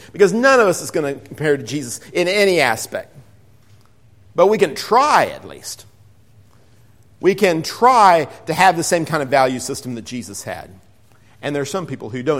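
A man with a somewhat high voice preaches a Bible lesson. He talks earnestly and stumbles over repeated words now and then. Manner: earnest, repeats words while searching for them.

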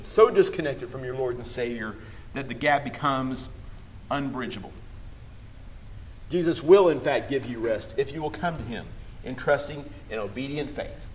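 A man delivers a sermon in a fairly high voice. He speaks earnestly, slowing down for scripture and rising into emphatic appeals to the congregation. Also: poor audio. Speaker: preacher.

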